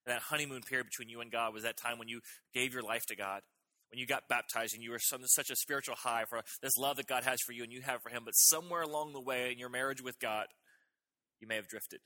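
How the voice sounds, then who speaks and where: A man's voice: medium pitch, steady tone, fast, pushed and bright. A middle-aged male pastor preaching a sermon, emphatic and repetitive, pressing his main points again and again. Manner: emphatic, repetitive preaching with rising intensity on key phrases.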